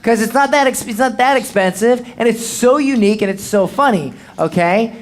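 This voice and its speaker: Marketing coach, live Q&A, blunt, punchy, repetitive, mid-pitched voice. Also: a little fast. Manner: punchy and repetitive, peppered with "okay?" and "boom", blunt, occasional swearing.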